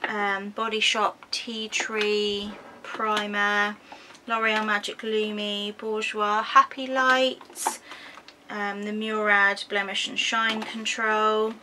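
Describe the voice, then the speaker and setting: English woman vlogging, chatty and a bit hesitant, lots of ums, mid pitch, noisy room hum behind. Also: bright, forceful tone. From United Kingdom. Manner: chatty, hesitant, frequent ums, self-correcting. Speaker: beauty vlogger. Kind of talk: casual product walkthrough.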